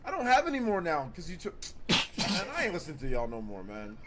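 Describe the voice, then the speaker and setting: A man's voice: fairly high pitch, big pitch swings, a little fast, background noise. A man playing a game on stream, muttering in frustration and confusion at a puzzle. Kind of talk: talking through gameplay.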